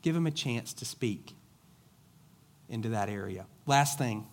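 A man's voice: mid-range voice, expressive, unhurried. A middle-aged man preaching a conversational sermon as a pastor, casual and joking, telling stories in plain everyday speech. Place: church sanctuary.

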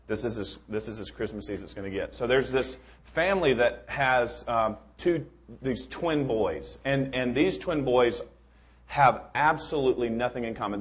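A man's voice: medium pitch, animated, normal speed, husky. Easygoing male preacher, chatty and rambling, restarts often, jokes before scripture. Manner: informal, rambling, many restarts, joking. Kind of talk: sermon.

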